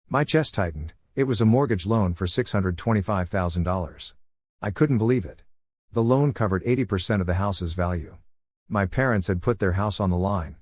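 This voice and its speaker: A man with a lowish voice narrates a first-person story, scripted and even in delivery. The sound is dry and close, with no room around it. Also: husky, dry recording.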